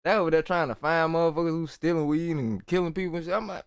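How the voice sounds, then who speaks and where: A man's voice: on the high side, fast talker, clean tone, no room sound. A man giving casual reaction commentary on a video, talking in rambling, profane slang.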